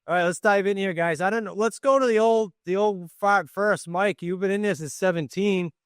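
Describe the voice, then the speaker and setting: A man's voice: sits high, normal speed, smooth, no echo, studio quality. A man hosting a podcast in casual chat, joking and rambling as he thinks aloud. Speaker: podcast host and coach.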